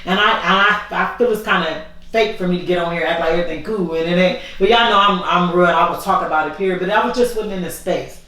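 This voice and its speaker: A woman vlogger speaks casually and candidly from the heart, rambling and repeating herself in a fairly low, sharp voice at a quick pace. Only her voice comes through because the camera isn't working. The room is very echoey and she's far from the mic.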